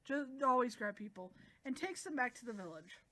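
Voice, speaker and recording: A woman's voice: fairly high pitch, a little fast. Chatty woman recapping a manga. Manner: chatty, animated, acts out quotes. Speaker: manga reviewer.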